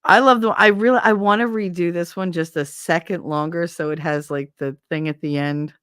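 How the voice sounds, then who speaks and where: On a desk microphone at home, a woman runs a casual livestream, wandering through stream-of-consciousness talk full of swearing and frequent laughter. Her voice sits on the low side, a bit bright and clean, with fairly even intonation at normal speed. The recording is dry and studio quality.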